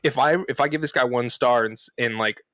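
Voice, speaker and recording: A man's voice: mid-range voice, brisk, dry recording. A man co-hosting a podcast, animatedly telling a story to friends in person, swearing freely and acting out what people said. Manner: animated, swearing, acts out quoted lines. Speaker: podcast co-host. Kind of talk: casual storytelling among friends. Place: room recorded in person with friends.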